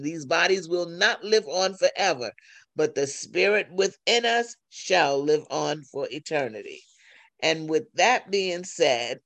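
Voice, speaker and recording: A man preaching a sermon over a phone line, slow and deliberate, repeating key phrases. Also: fairly high pitch, fairly bright tone, no echo.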